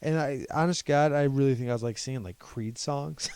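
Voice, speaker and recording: A young Ohio man on a podcast, one of its co-hosts, speaks fairly quickly in a mid-range, darkish voice that is clear and resonant, with no echo. His casual storytelling rambles at length, and he retells what happened by quoting other people.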